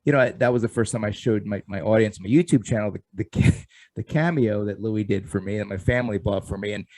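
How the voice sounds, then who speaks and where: A man hosting a casual interview podcast, talking haltingly and repeating words. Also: lowish voice, a little mellow, dry recording, low-quality recording. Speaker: podcast host.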